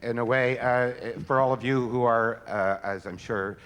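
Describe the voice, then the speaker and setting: A man's voice: mid-range voice, fairly even intonation, normal speed, fairly bright tone, smooth. A man performing on stage, bantering with his partner in a playful, hesitant, rambling way. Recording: long hall reverb.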